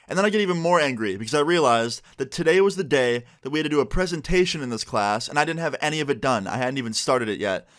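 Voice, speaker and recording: A man's voice: medium pitch, fast, hardly any pauses. Casual young man telling a story. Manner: animated storytelling with swearing and acted quotes. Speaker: vlogger. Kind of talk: storytime vlog.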